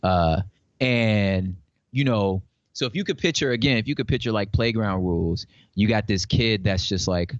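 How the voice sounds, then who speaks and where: Man, slangy casual talker, lively storyteller, dry dull recording. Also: fairly low pitch, normal speed, no room sound. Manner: slangy, animated storyteller acting out voices. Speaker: podcast guest. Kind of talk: casual chat.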